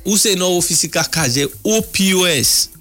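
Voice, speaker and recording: A man with a Nigerian accent telling a story in a casual chat, animated and mocking. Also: sits high, moderate pace, faint music behind.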